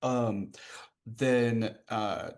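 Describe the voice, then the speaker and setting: A man's voice: medium pitch, steady tone, extremely slow, darkish tone. Hesitant man playing a tabletop game. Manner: hesitant, filler-laden. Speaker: player. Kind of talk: casual game chat.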